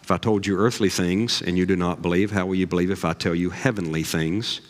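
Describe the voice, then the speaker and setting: A man, a pastor preaching a sermon with folksy stories and animated asides. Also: low-pitched, moderate pace. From Southern US. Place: church sanctuary. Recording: long reverb of a large hall.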